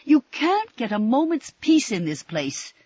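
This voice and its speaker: A woman's voice: medium pitch, wildly swooping pitch, a little slow, breathy edge, no echo, muffled recording, voice pushed up, heavily acted. A woman voicing a querulous, bitter elderly woman patient who complains and accuses. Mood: angry. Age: older.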